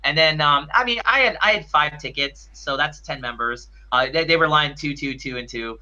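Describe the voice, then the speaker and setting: A man's voice: on the high side, moderate pace, bright, forceful tone, dull audio. A man co-hosting a podcast, telling a story in casual chat with lots of restarts and fillers. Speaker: podcast co-host.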